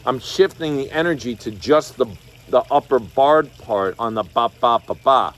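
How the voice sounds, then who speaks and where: A man's voice: mid-range voice, lively intonation, moderate pace. Chatty man teaching guitar. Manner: casual, chatty, scats rhythms while explaining. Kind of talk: online guitar lesson. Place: home studio over video call. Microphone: video call. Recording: loud guitar under the voice. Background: guitar playing.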